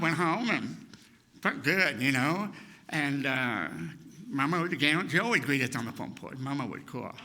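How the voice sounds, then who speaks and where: A man as guest speaker, telling a personal story to a congregation in an animated way, acting out what others said. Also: on the high side. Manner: animated, acts out quotes, laughs often. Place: congregation hall.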